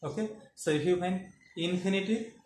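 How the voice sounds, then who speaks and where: A man's voice: sits high, normal speed, a little mellow. A man teaching an English grammar lesson, explaining step by step and checking in with "okay" and rhetorical questions. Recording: echoey room with faint ambient noise.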